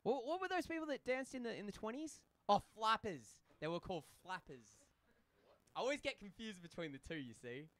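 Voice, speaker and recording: Joking Australian ice hockey commentator. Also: male voice, sits high, big pitch swings, fairly quick, a bit bright, no echo. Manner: joking, rambling banter between play calls. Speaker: play-by-play commentator. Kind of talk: casual live sports commentary. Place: commentary booth at an ice rink.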